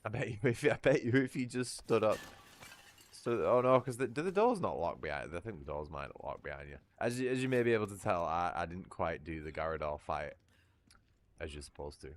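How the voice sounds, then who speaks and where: A man's voice: deep voice, a little fast, slight background noise. A British man casually chatting and swearing while he streams a video game, with a joking manner. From Britain. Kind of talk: casual gameplay livestream.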